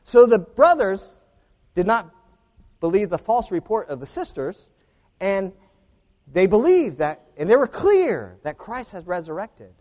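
Male preacher, animated sermon, slightly high voice, lively, long hall reverb. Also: a little slow. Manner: animated, rising to emphatic peaks, with rhetorical "right?".

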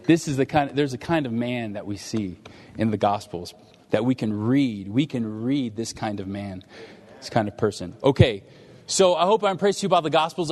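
Speaking at normal speed in a slightly mellow, medium-pitched voice, a man gives a conversational sermon where he performs quoted exchanges between Jesus and the disciples. Long hall reverb surrounds the recording.

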